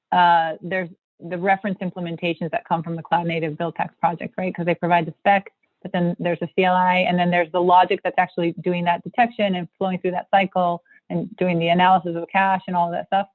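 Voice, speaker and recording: A woman's voice: fairly low pitch, level tone, brisk, no echo. Woman presenting tech over tinny call. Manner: rambling, many fillers and restarts. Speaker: guest presenter. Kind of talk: technical livestream presentation. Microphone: video call. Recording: tinny phone-like line.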